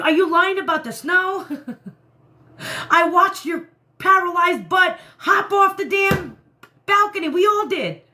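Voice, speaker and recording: A woman hosting a casual live stream, ranting in an animated way and laughing often. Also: mid-range voice.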